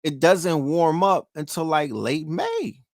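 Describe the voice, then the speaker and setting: A man's voice: on the high side, big pitch swings, slow, a little mellow, dry recording, studio quality. A middle-aged man with a New York accent hosting a casual show, talking profanely and throwing questions at his listeners. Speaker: podcast host. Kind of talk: casual livestream talk.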